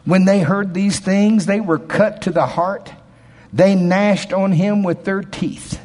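A man's voice: sits high, fairly even intonation, takes it slowly. Folksy preacher man in an echoing hall. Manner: folksy, emphatic, swings between quiet asides and loud shouted passages. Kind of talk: sermon. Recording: long hall reverb.

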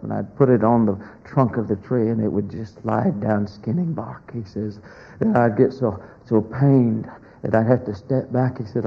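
A man preaching, telling a folksy story in a sermon, swinging between loud declarations and hushed lines. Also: on the low side, creaky, breathy edge, highs cut off.

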